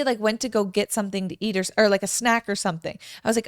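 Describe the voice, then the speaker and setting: A young woman co-hosting a casual podcast, telling a story in a chatty, animated way. Her voice has a gravelly edge. The sound is close and dry. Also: medium pitch, racing, few pauses, no echo. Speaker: podcast co-host. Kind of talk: casual chat.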